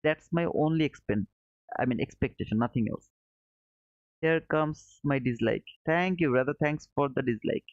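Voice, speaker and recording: A man's voice: mid-range voice, moderate pace, no room sound. A man hosting a live trading stream, walking viewers through charts, reading chat and calling them brother. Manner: friendly, calls viewers brother, thinks aloud while charting. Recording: dull lo-fi dry sound.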